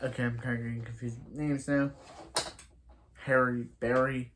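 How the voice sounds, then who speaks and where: A man casually recapping a TV episode, rambling with lots of restarts and acting out characters' lines in quick asides. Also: mid-range voice, flat delivery, slight background noise. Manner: rambling, full of restarts and "so yeah". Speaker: TV episode reviewer.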